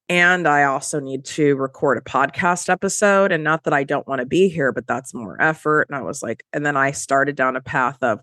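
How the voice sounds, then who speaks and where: A woman's voice: deep voice, moderate pace, hardly any pauses, fairly bright tone, no echo, studio quality. Stuffy-nosed woman hosting a motivational podcast. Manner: casual, emphatic, talks straight to listeners. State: stuffy nose. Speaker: podcast host.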